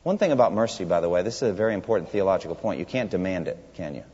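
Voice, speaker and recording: A man's voice: deep voice, lively intonation, racing, a little mellow, husky. A man preaching an expository sermon in a church sanctuary, emphatic and putting rhetorical questions to the congregation. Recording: long hall reverb, dull lo-fi sound.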